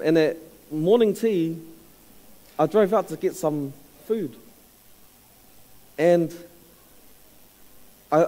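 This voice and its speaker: A church speaker in his thirties with a New Zealand accent tells a story in a casual, halting sermon, full of fillers and laughs. His voice sits on the high side with a dark tone, and the recording is rough.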